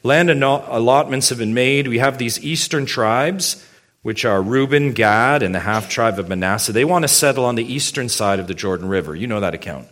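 A man's voice: medium pitch, a little fast, a bit bright. A male pastor preaching a sermon. He speaks emphatically, poses many rhetorical questions and addresses his congregation directly.

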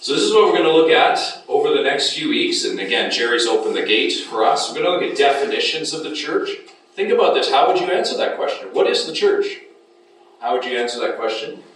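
A man's voice: mid-range voice, expressive, a little fast, a bit bright. A man teaching a Bible class as a lecture, often putting questions to the class. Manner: asks the class frequent questions. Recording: echoey room from a distance.

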